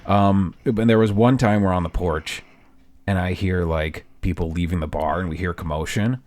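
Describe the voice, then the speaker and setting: A man spins a story on a podcast with a somewhat low voice. He jumps into loud voices for the people he quotes and laughs along as he goes. The talk is loose and casual. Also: moderate pace. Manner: animated, acts out quoted people loudly, laughs often. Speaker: podcast co-host.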